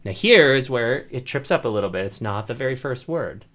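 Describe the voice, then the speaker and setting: A man in the role of a ukulele teacher, speaking at a middle pitch. He breaks each step into small pieces and keeps checking in with his students. His tone stays encouraging throughout. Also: lively intonation, fairly quick, a bit bright. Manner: encouraging, explains step by step, often asks "right?". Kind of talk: teaching an online class.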